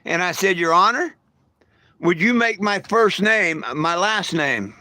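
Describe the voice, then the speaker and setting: An older retired man vlogs a casual rant to camera, talking to his viewers in a blunt, crude, folksy way, telling stories with homespun grammar and snapping back at commenters. His voice is high-pitched, expressive, and sharp, and he's unhurried. There's no echo.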